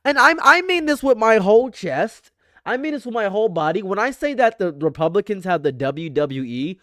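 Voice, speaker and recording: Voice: mid-range voice, no echo, clean studio sound. A livestream commentator reacting live, ranting emphatically and repeating phrases for effect.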